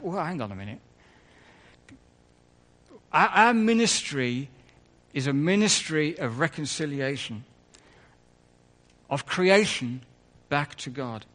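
A man's voice: on the high side, sing-song, takes it slowly, pauses often, a bit bright. A man preaching a conversational sermon in church, full of asides and self-corrections.

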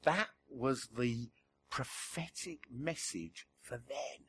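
A man preaching a sermon, swinging between emphatic lines and a hushed near-whisper, chuckling at his own jokes. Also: medium pitch, takes it slowly, a little hiss or hum. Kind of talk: sermon to a church gathering.

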